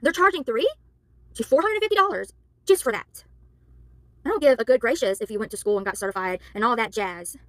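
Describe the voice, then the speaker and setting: A tired, worn-out woman who works as a spiritual worker and tarot reader, ranting to camera in a heated, exasperated way and apologizing for yelling. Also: fairly high pitch, lively intonation, a little fast, dry recording.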